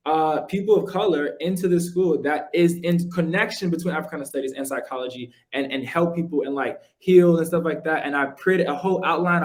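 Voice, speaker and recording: Fast-talking young man telling his story. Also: fairly high pitch. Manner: animated, slangy, lots of "like" and "yo". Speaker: podcast guest, founder. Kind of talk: casual storytelling chat.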